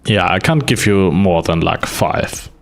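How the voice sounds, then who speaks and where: Deep voiced dev guy chatting, lots of uh and um, kinda wry. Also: animated, measured pace, gravelly, soft background music. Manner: hesitant, wry, many fillers. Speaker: streamer and developer. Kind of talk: casual chat.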